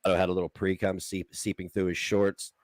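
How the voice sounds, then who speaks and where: A man's voice: sits low, level tone, a little fast. A man on a live stream clip, talking in a crude, profane and taunting way.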